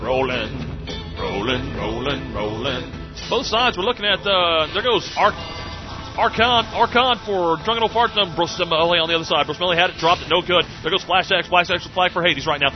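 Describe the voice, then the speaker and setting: High-voiced man calling a video game. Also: normal speed. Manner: excitable, jokey, laughs often. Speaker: game commentator. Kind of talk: sportscaster-style play-by-play of a video game. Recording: muffled lo-fi recording with game music.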